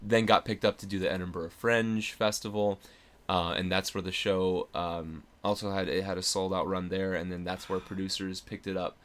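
A young man, an actor and impressionist, telling a story in casual chat, animated, with many fillers and restarts. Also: deep voice, moderate pace.

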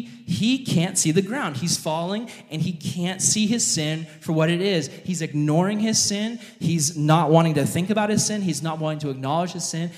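A man preaching an animated, jokey sermon, addressing his audience directly as he tells a story. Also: on the high side. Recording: long hall reverb.

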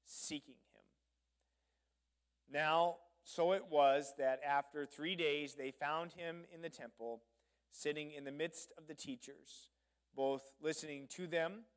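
A male pastor preaching a sermon, reading scripture and adding humorous, conversational asides. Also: a little high.

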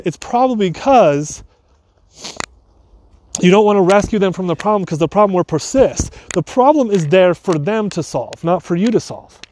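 A man's voice: high voice, a little mellow, slight background noise. A man coaching in a loose, rambling way, full of asides and restarts, giving relationship advice. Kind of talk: casual advice talk.

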